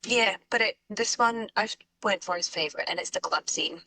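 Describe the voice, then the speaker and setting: A woman's voice: mid-range voice, normal speed, bright, forceful tone, no echo, poor audio. A woman guest on a podcast, chatting casually and rambling with lots of fillers. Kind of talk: casual chat.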